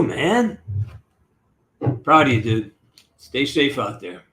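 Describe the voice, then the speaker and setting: A man's voice: medium pitch, very animated, slow, fairly bright tone. Upbeat man hosting a live stream. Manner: upbeat, greets viewers by name, rambling. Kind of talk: casual live-stream chat.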